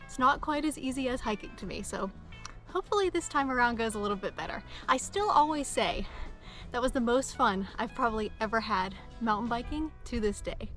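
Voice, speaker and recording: Bubbly high-voiced woman vlogging outdoors. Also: lively intonation, brisk, a bit bright, soft background music. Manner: bubbly, laughs often. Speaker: travel vlogger. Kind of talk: casual travel vlog narration. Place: outdoors on a trail.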